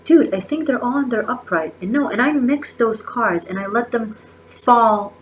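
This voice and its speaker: A woman's voice: on the high side, moderate pace, a little hiss or hum, low-quality recording. Effusive woman doing a tarot reading. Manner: effusive, emotional, with many restarts and laughs. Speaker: tarot reader.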